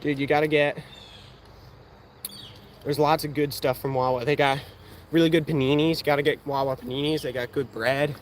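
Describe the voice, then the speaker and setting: Young guy vlogging, chatty and hyped, bit of a higher voice, faint hum behind. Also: fairly even intonation, normal speed, long pauses. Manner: chatty, enthusiastic, recommending food. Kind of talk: casual chat answering viewers.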